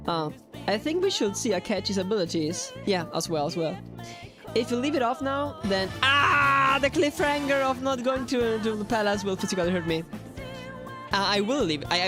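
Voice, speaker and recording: Lively, chatty woman streaming. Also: mid-range voice. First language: Italian. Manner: chatty and playful, laughs often. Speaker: game streamer. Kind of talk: casual live-stream chat.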